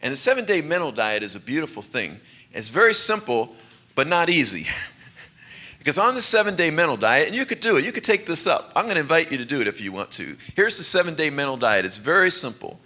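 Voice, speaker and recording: Bright-voiced male minister. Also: fairly high pitch, big pitch swings, fast. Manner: conversational and light, laughing often. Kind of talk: sermon. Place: church sanctuary.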